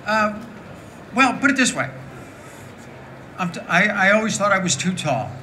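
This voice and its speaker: Bright, forceful voice, deep and raspy, from a woman in her late sixties. She talks openly and with humor to a live crowd. There is a faint hiss behind her. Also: measured pace, rough recording. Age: 60s. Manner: frank, joking, animated storytelling. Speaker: guest speaker. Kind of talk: candid live talk with audience.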